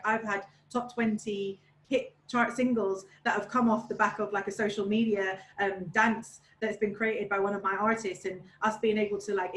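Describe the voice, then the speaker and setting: A woman's voice: mid-range voice, fairly bright tone. A woman hosting a webinar, chatty and rambling, with many fillers as she asks questions. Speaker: webinar host. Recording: echoey room with faint background noise.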